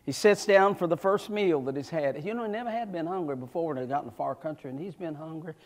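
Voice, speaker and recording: A man preaching a sermon, with fervent shouts and folksy asides to the congregation. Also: a little high, fast talker.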